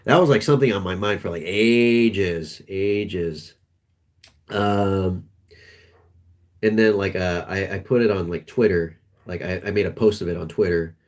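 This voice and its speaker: Rambling low-voiced male streamer. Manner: rambling, halting, with many restarts. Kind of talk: casual livestream chat.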